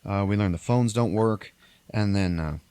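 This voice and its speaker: A man hosting a podcast, casually retelling a movie plot in a rambling, profane way and briefly acting out characters in exaggerated high voices. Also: moderate pace, warm tone, smooth, dry recording. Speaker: podcast host recapping a movie. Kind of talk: casual chat.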